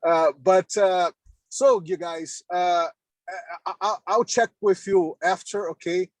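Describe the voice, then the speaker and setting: Halting man on a video call. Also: high-pitched, level tone, dry recording. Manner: halting, repeats words, laughs often. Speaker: meeting participant. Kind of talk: casual video call chat. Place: in a car on the road.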